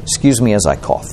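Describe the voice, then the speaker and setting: A man's voice: medium pitch, vocal fry, slight background noise. A male pastor preaching a sermon, explaining scripture and asking the listeners questions. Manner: questioning, explanatory, asks the congregation.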